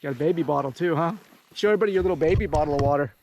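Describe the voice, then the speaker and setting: Casting: male vlogger, high pitch, teasing and sarcastic, outdoor trail with faint noise. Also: very fast, gravelly, darkish tone, highs cut off. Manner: sarcastic, teasing, mocking impressions of his mate. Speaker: vlogger riding dirt bikes. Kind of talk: casual banter between riding mates. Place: outdoors on a dirt bike trail.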